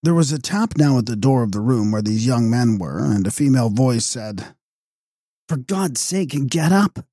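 Calm guy narrating a gothic audiobook, dark mellow voice, dry sound. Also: medium pitch, normal speed, no room sound.

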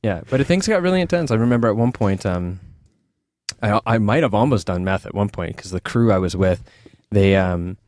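Speaking at a normal speed, this man has a fairly low, darkish, animated voice captured in clean studio sound with no room echo. He's an author guesting on an interview, sharing personal stories candidly and loosely, with frequent fillers and false starts.

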